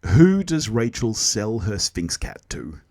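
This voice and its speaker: Australian man, lively casual podcast host. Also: lowish voice, slow pace, no echo, clean studio sound. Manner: jokey, laughs often, runs a quiz round. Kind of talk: casual chat.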